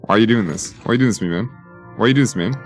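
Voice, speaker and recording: A lower-pitched man chats loosely over a city-building game, muttering to himself and cracking jokes as he plans roads and services. Faint music plays under his voice. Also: very fast. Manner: rambling, joking, talks to himself while building. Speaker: gaming YouTuber. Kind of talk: casual let's-play commentary.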